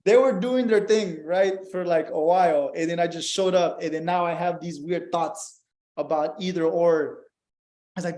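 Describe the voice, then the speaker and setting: A young man talking bluntly in a casual podcast chat, swearing a lot and getting animated. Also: a little high, brisk. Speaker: podcast host.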